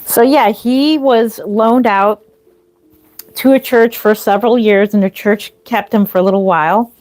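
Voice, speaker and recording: A middle-aged woman who makes reborn dolls hosts a casual livestream from her home, rambling with restarts and small laughs. Her mid-range voice is steady, a little slow, and darkish, recorded on a phone or camera mic that she sometimes walks away from.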